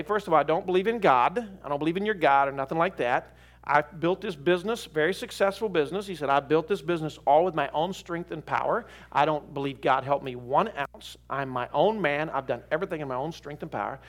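A man preaching with a fairly high voice, swinging between quiet, low asides and loud, raised bursts when he quotes others. He is a pastor telling stories from his counseling work, and he gives each person in them their own voice. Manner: animated, acts out quoted voices. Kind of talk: sermon storytelling. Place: in South Florida.

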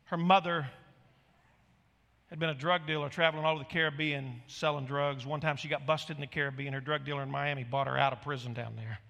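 A middle-aged pastor preaching with animated, emphatic storytelling. His voice is high and bright. It carries a long reverb from a large hall. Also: brisk, vocal fry. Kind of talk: sermon storytelling.

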